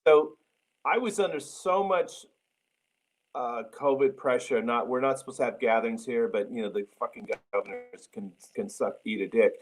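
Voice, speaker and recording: A man's voice: mid-range voice, moderate pace, poor audio. A man as a podcast guest in casual chat, talking bluntly and swearing freely. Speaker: interview guest, film director.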